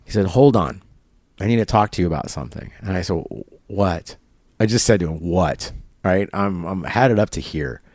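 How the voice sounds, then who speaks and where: A man's voice: low-pitched, brisk, a little mellow, no echo. A man telling a long story in casual conversation, acting out both sides of phone calls with quoted dialogue and laughter. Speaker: interview guest. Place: barber shop.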